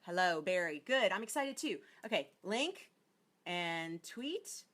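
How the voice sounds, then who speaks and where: A woman's voice: fairly low pitch, lively intonation, a little slow, a bit bright. A woman hosting a casual livestream as an acting coach, bubbly and chatty, greeting viewers by name as she talks. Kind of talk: casual live-stream chat.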